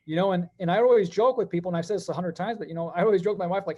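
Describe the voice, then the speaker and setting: A middle-aged man telling stories as a podcast guest, animated and quick, with many fillers. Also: sits high, highs cut off. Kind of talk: conversational podcast interview.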